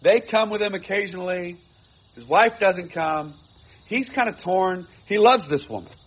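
A man's voice: sits high, normal speed, breathy edge, dull audio. A man preaching a sermon to his congregation, earnest and repeating phrases for emphasis. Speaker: pastor.

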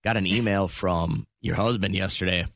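A man's voice: deep voice, fairly even intonation, moderate pace, gravelly, a bit bright, no room sound. A man co-hosting a studio podcast, teasing his co-host in casual banter.

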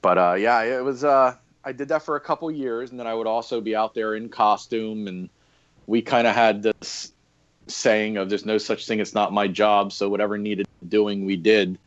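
A man's voice: lowish voice, fairly even intonation, moderate pace. A man guesting on a podcast, telling stories in a laid-back, casual way with frequent fillers. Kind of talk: casual interview chat. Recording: dull lo-fi audio.

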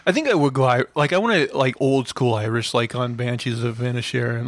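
A man's voice: medium pitch, brisk, hardly any pauses. A male podcast co-host in casual chat, rambling through ideas with lots of filler words and frequent laughs.

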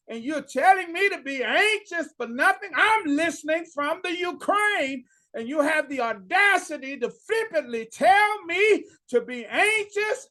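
A distressed churchgoer, as a preacher puts him on, cries out in a high, strained voice. The words come slowly and are drawn out, rough and gravelly at the edges. He pleads and protests, indignant, as part of a sermon. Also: sharp tone, exaggerated voice. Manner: pleading, rising, exasperated.

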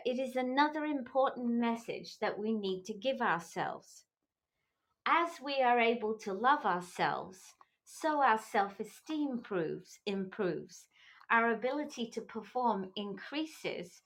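A middle-aged woman hosting a podcast, talking slowly and earnestly in an encouraging motivational tone. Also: fairly high pitch, low-quality recording. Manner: slow, earnest and encouraging, with small restarts. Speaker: podcast host. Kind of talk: motivational talk.

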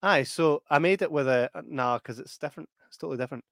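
A man's voice: fairly high pitch, fast talker, vocal fry, no room sound, clean studio sound. A Scottish man in his thirties co-hosting a podcast, telling stories in casual chat, swearing and laughing often. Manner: sweary, laughing, animated storytelling. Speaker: podcast co-host.

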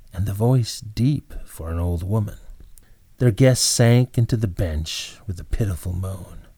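A man narrating an old tale in a measured, dramatic way. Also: lowish voice, warm tone, no room sound. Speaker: storyteller. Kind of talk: scripted narration.

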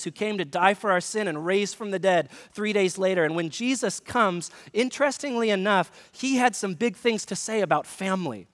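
A man's voice: high voice, a bit bright, big-room sound. A man, a pastor, giving a conversational sermon with humor and direct questions to the congregation. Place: church sanctuary.

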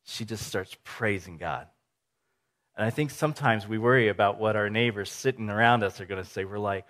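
A man preaching a sermon in a conversational, animated way, acting out little scenes for his listeners. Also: fairly low pitch, a little fast. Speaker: pastor.

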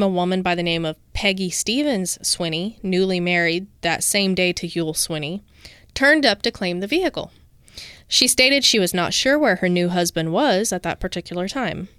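A woman co-hosting a podcast walks through a true-crime case from her researched notes, breaking into casual asides. Her fairly low voice is clear, resonant, and fairly bright, animated at a normal pace, in a dry, clean studio recording.

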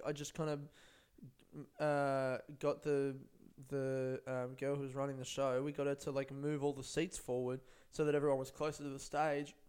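A young male comedian talks loosely into a podcast mic, swearing freely as he rambles. His voice sits a little high for a man and comes across smooth and clear. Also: darkish tone. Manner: rambling, laid-back, heavy swearing. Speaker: stand-up comedian and podcast host. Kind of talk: casual solo podcast monologue. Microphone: podcast microphone.

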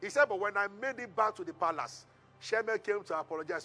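Male preacher, storytelling sermon, high and bright, soft music bed. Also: fast talker. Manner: storytelling preacher, animated retelling with call-and-response. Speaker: pastor.

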